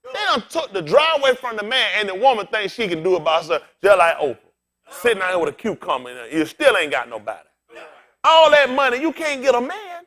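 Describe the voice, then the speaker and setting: Speaking high-pitched and fairly quickly, a bald, older pastor gives an animated sermon full of jokes, addressing the congregation directly in a conversational, humorous style.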